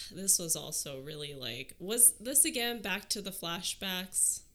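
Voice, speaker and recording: A woman's voice: fairly low pitch, lively intonation, slow pace, sharp tone. A woman in casual movie chat who mostly chimes in with short agreements. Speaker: podcast co-host.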